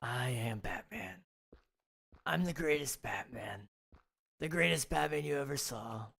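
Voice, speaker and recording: A hoarse man doing a comic impression of a boastful famous politician, bragging slowly. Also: medium pitch, lively intonation, a bit bright, voice pushed up, full character voice. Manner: bombastic, self-praising, slow.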